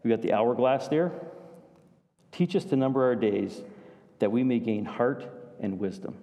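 A man's voice: medium pitch, expressive, normal speed, long pauses, dark tone, big-room sound. A man preaching a sermon to his congregation, telling stories and asking them questions. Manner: storytelling, addresses congregation with questions. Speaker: pastor.

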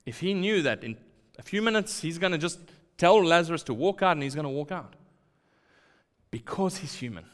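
A man preaching a sermon, acting out quoted lines and dropping to quiet asides. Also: fairly high pitch. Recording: long hall reverb.

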